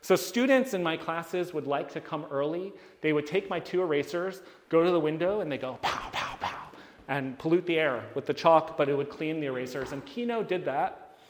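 A man with a voice pitched a bit above most men speaks to a live audience. He tells stories in an animated way and acts out the people in them. His voice carries a long reverb, as in a large hall. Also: brisk. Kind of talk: storytelling talk to a live audience.

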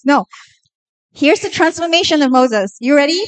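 A woman preaching a sermon in a lively, conversational way, asking the listeners questions. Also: high voice, moderate pace, rough recording.

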